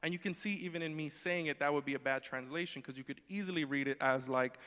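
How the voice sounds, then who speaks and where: Guy preaching, chatty and jokey, slightly high voice, big echoey hall. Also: quick pace, few pauses. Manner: conversational, humorous, shifts from quiet to emphatic. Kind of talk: sermon. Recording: long hall reverb.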